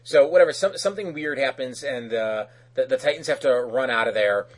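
Husky-voiced man casually recapping a cartoon. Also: medium pitch, a little fast, poor audio. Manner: animated, laughs often, acts out characters' lines; loose, with frequent fillers and restarts. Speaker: podcast co-host. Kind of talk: casual episode recap chat.

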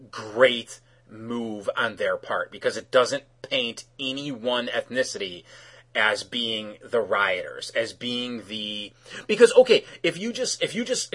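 A man hosting a casual review chat, opinionated and animated, acting out characters' lines as he talks. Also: mid-range voice, slightly rough.

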